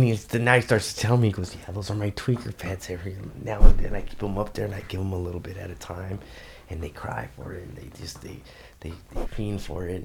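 A man telling a story in a loose, profane, animated way as a podcast guest. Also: lowish voice, vocal fry, a little hiss or hum. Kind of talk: casual storytelling.

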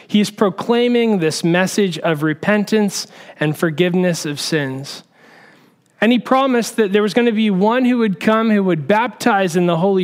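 Male pastor, high and clear, relaxed storytelling sermon delivery. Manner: conversational storytelling preacher.

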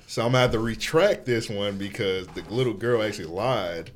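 A man's voice: fairly low pitch, a little fast, slight background noise. A man hosting a podcast in casual chat, joking, laughing often and reading out listener submissions. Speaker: podcast host.

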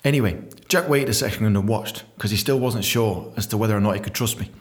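A man telling a comic story from his own book, swearing a lot, laughing often and jumping into a squeaky high voice to act out his younger self. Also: fast. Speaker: comedian reading his memoir. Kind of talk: casual storytelling with read-out chapter.

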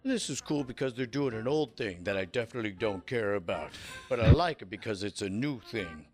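A man doing a mocking impression of a podcaster in a flat, bored delivery, heard from a played clip. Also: fairly low pitch, a little fast, soft background music, close to an everyday voice.

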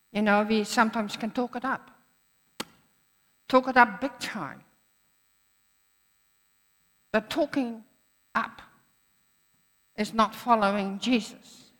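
A woman's voice: mid-range voice, pushed and bright. A woman preacher giving a sermon in an earnest manner, repeating phrases for emphasis. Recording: echoey hall.

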